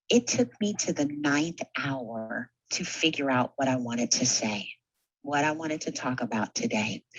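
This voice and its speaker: Slow, husky woman giving a rousing talk. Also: low-pitched, dry recording, dull audio. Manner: conversational and rousing, with rhetorical questions. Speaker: simulation technologist and conference speaker. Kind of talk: motivational conference talk.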